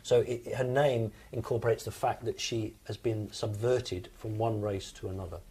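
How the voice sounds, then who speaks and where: UK-born man, low and husky, explaining in a plain matter-of-fact way. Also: steady tone, normal speed, dark tone. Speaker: interview guest. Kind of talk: recounting personal experiences.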